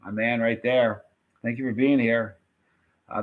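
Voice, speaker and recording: A man hosting a casual live stream, reading viewer comments and rambling excitedly about old movie scenes. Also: mid-range voice, unhurried, muffled recording. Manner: chatty, rambling, animated retelling of movie scenes.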